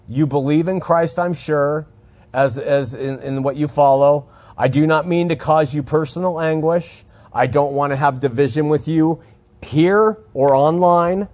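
A man hosting a religious call-in program. His voice sits a little higher than usual, and he talks earnestly, pressing each point with emphasis. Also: darkish tone. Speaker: radio call-in show host. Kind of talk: call-in radio talk, religious commentary.

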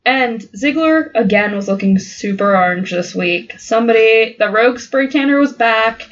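A woman's voice: a little high, expressive, moderate pace, dull audio. A woman co-hosting a podcast in casual banter, blunt and profane, laughing often. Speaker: podcast co-host.

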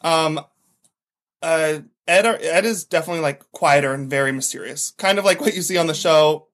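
Podcast guest: chatty man, a touch high-pitched, rambling anecdotes full of "like". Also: normal speed, fairly bright tone. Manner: chatty storyteller, heavy use of "like". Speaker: podcast guest, former TV extra. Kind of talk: casual chat.

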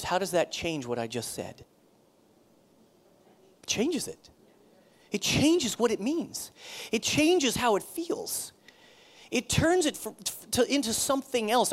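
A man, a pastor, preaching a sermon in a conversational, animated way, often repeating himself. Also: high voice.

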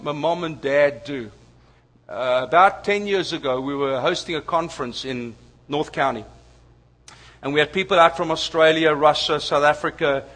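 A man preaching a sermon, telling family stories with lively asides to the audience. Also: on the high side. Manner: storytelling, animated asides to the audience. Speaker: pastor.

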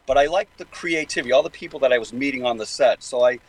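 A man's voice: medium pitch, quick pace, husky, low-quality recording. An older man with a Boston accent, talking at length as a guest in a casual interview, rambling with many fillers and restarts. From New England.

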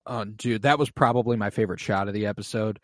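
A man co-hosting a casual podcast, recapping a TV episode excitedly, swearing often and using lots of fillers. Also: lowish voice, quick pace, no room sound. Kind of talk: casual chat.

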